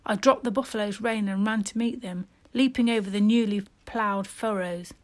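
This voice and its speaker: A woman narrating a first-person children's story in a steady, expressive reading voice. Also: medium pitch, moderate pace. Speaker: storybook reader.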